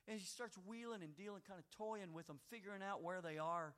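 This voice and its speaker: A male pastor preaching a sermon, telling a story quietly and then rising to loud, fervent exhortation. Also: high voice, brisk.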